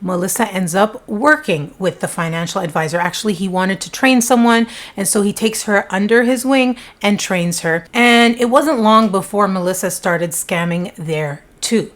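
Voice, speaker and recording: A woman's voice: medium pitch, moderate pace, few pauses. Chatty woman telling a true-crime story. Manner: chatty and conversational, with frequent asides and fillers.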